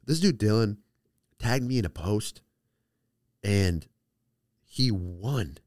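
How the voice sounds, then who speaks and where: A man's voice: lowish voice, expressive, slow pace, darkish tone, no room sound, studio quality. A young man hosting a solo podcast, chatting casually and rambling playfully with lots of restarts. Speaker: podcast host.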